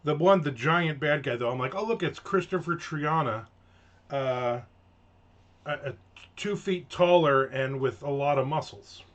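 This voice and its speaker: An unhurried middle-aged man with a mid-range voice hosts his own rant segment. He rambles sarcastically and casually, with frequent fillers and restarts, and the audio comes across dull and lo-fi.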